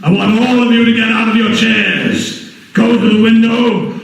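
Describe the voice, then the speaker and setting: A man performing the rant of a furious television newsman, shouting more and more. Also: very high-pitched, flat delivery, moderate pace, heavy reverb, distant mic, voice pushed down, rough recording. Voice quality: shouting, rising to hoarse yelling. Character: furious newsman ranting on air, adult man.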